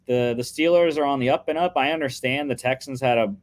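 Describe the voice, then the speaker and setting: A man's voice: medium pitch, quick pace. A young man co-hosting a casual sports podcast, chatting through his football picks with lots of fillers and restarts.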